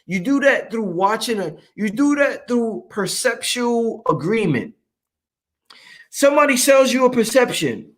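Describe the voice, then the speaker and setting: A man's voice: very high voice, very animated, a little slow. A man hosting a livestream, talking casually, profane and emphatic, repeating lines for effect. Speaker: livestream host.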